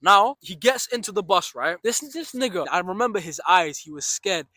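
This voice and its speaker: Young man, high and bright, rapid storyteller who swears a lot and acts the scenes out. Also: lively intonation, no room sound. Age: young adult. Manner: swears freely, retells with reenacted shouts and asides. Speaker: storyteller vlogger. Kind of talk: animated storytime monologue.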